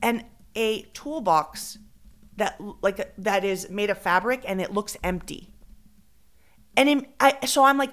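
A woman's voice: medium pitch, a little slow. A woman, a podcast co-host telling a story in casual chat, acting out quotes and mixing in Spanish. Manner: animated, acts out quotes, code-switches into Spanish.

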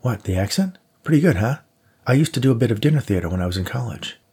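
A man voicing a chatty, quick-witted young woman in an audiobook, with a lilting, cheeky delivery. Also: mid-range voice, animated, mellow, breathy edge. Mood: perky. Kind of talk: audiobook character voice.

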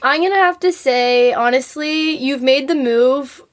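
Woman from Canada, co-host, bubbly, energetic, high-pitched, casual chat. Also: measured pace. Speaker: stand-in co-host.

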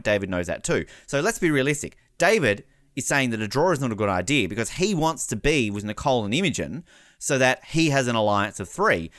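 A man hosting a casual podcast recap, animated, laughing often and mimicking the people he talks about. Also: mid-range voice, no room sound, studio quality. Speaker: podcast host.

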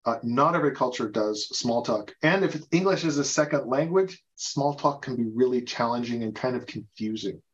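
A man's voice: mid-range voice, moderate pace, few pauses, highs cut off. A man from the United States hosting a podcast, chatting casually and stumbling over repeated words. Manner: chatty, repeats words and restarts, laughs often. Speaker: podcast host. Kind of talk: casual travel-tips chat.

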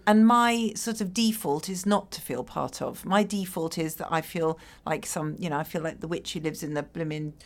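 A woman's voice: deep voice, moderate pace, few pauses. A woman speaking as an addiction therapist in a conversational interview, reflective and acting out quoted exchanges. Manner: reflective, acts out quoted dialogue.

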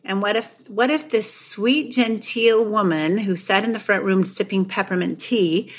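A middle-aged woman, a guest author on a podcast, telling a story with lively energy and acting out the voices of others. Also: mid-range voice, unhurried. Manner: animated storyteller, acts out quoted voices.

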